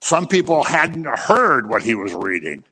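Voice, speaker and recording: Man, sermon, impassioned, scolding, lively rising and falling pitch, long hall reverb. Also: measured pace, slightly rough. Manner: impassioned, scolding, acts out little scenes. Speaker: preacher.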